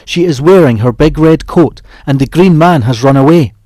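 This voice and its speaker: A man narrating a horror story as an audiobook, reading in a dramatic, expressive way that slows down and rises for the tense moments. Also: on the high side, no room sound.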